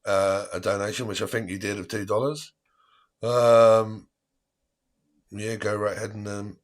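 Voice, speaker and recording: Man, tarot reader, casual live stream chat, chatty, laughs a lot, fairly low voice. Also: little pitch movement, a little slow. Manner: chatty, laughs often between phrases.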